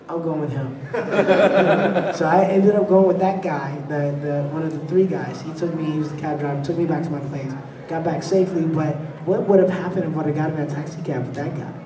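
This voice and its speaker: A man on a convention panel telling stories with lively delivery, laughing often and acting out the people in his tales. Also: a little high. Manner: animated, laughs between anecdotes, acts out voices. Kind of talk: storytelling on a fan panel. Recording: echoey hall, voice from far off.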